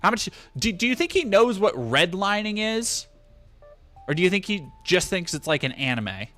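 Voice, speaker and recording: A man commenting on a game he streams, sarcastic and ranting with plenty of swearing. His voice is bright and somewhat high. Soft music plays behind him. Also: very animated, moderate pace.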